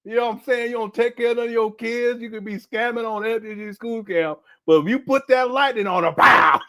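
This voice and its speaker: A man's voice: very high voice, a little fast, pushed and bright. A middle-aged man hosting a livestream, reacting to a clip with frequent laughter and chatting to viewers. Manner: laughs a lot, talks to chat viewers. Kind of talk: casual reaction commentary.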